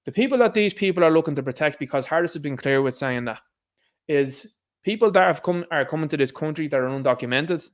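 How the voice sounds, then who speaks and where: A man with an Irish accent hosting a livestream, giving emphatic opinionated commentary and reading viewers' chat messages aloud. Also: on the high side. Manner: emphatic, ranting, talks straight to viewers. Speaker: livestream host.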